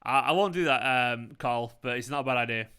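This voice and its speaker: Mancunian male stream host, bright clear tone, loose and chatty with his viewers. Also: medium pitch, fairly quick. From England. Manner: chatty, rambling, reads out chat comments. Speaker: fan channel host. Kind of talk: casual live watchalong chat. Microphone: earphones with mic.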